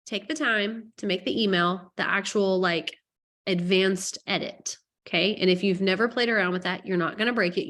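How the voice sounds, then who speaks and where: A woman real estate coach giving a casual training presentation, chatty and joking as she rushes through her points. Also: mid-range voice, fairly bright tone.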